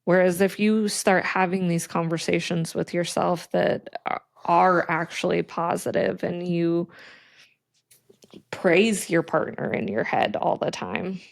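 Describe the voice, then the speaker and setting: A woman co-hosting a podcast, talking in a slow, thoughtful, reflective way in casual chat. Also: fairly low pitch, flat delivery, gravelly, no room sound, studio quality. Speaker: podcast co-host.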